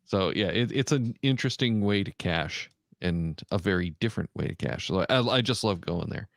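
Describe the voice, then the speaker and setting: A man co-hosting a casual podcast chat, reading through a list with frequent pauses and fillers. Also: lowish voice, animated, vocal fry, no echo, clean studio sound. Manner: halting, many "uh" fillers while reading out a list. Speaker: podcast co-host.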